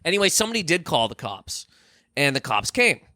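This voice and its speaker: A man's voice: on the high side, a little fast, no room sound. A man, a comedian guest from Canada, telling a story in casual chat, swearing and acting out the other people in it. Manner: animated, swearing, acts out quotes.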